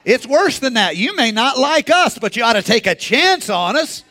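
A man preaching a sermon in a conversational way, rising to shouts and acting out the people in the story. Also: extremely high pitch, big pitch swings, moderate pace. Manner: acts out quoted characters in the story. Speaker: pastor.

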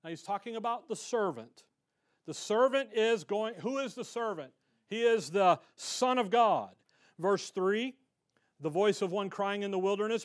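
A man's voice: sits high, a little slow. A man teaching a Bible study in a folksy, conversational way, with slangy asides and emphatic stress on key points.

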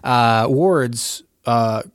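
Male podcast co-host, mid-pitched, animated movie recap, bone-dry close mic. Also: extremely slow, no room sound. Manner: animated, acts out characters' lines with profanity. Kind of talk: casual chat recapping a movie.

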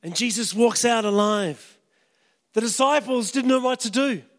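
A man preaching with a very high-pitched voice, retelling a story dramatically as he drops to a hush and then builds to shouts. His voice carries the long reverb of a large hall. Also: moderate pace. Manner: dramatic, swinging from hushed to shouting.

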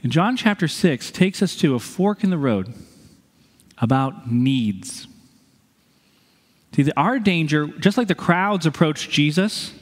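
A man's voice: mid-range voice, big-room sound. A man preaching a sermon as pastor, talking earnestly and conversationally with some light humor, then reading scripture aloud to the congregation. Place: church sanctuary.

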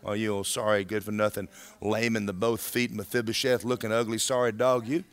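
A preacher putting on a scornful devil. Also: male voice, on the low side, flat delivery, fairly quick, pitched below the performer's own voice, lightly acted. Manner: mocking, name-calling. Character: the devil, a scornful taunting male accuser.

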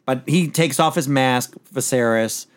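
A man's voice: medium pitch, unhurried. A man chatting casually as a podcast host, rambling through a TV episode recap with lots of restarts and the odd swear word.

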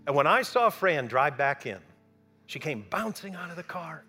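A man telling a personal story to an audience, animated and acting out the people he quotes. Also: a little high, moderate pace, music in the background. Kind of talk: storytelling talk.

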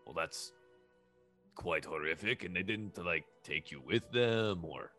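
A man's voice: sits low, unhurried, bright, forceful tone, soft background music. A man playing a tabletop game, chatty and playful. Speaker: player. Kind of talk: casual tabletop play.

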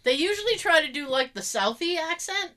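A podcast co-host from the Boston area speaks in a very high, expressive voice with a sharp tone and brisk pace, her Boston accent clear. In casual chat she acts out quotes while telling a story, often bursting into laughter.

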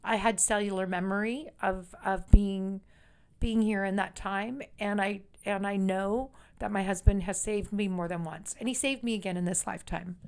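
A woman chatting on a podcast, her voice at an ordinary middle pitch. She tells stories in a rambling, emphatic way and stresses her words by repeating them. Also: steady tone, normal speed, a little mellow, smooth. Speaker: psychic medium guest. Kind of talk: casual podcast chat.

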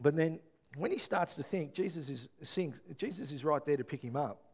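A middle-aged man, preaching a sermon and telling family stories with animated, acted-out voices. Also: fairly high pitch, moderate pace. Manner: animated storytelling, acts out voices. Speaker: pastor.

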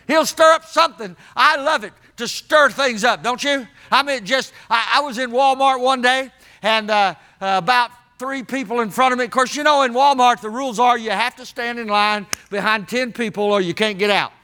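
A man's voice: very high voice, moderate pace, hardly any pauses, sharp tone. A man preaching a sermon in a folksy, emphatic way, calling out to the congregation as he tells stories.

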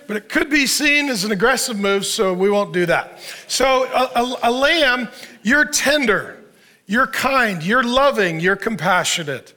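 A male pastor with a strikingly high voice and a bright, forceful edge delivers a sermon. He talks in punchy, joking bursts, tossing rhetorical questions at his listeners and answering them himself.

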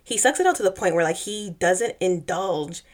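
Young woman, low-pitched, chatty, laughing a lot, casual book recap chat. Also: lively intonation. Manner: chatty, laughs often, mimics characters in quick asides. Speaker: podcast co-host.

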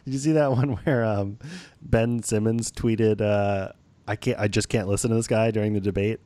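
Laughing man in low-key sports banter. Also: fairly even intonation, normal speed, mellow, no room sound. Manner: joking, laughs often, loose and profane. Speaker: podcast co-host. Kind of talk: casual sports chat.

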